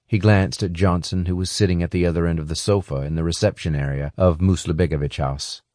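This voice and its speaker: A man reading a thriller audiobook in a steady, even scripted narration. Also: deep voice, a little fast, no echo, studio quality.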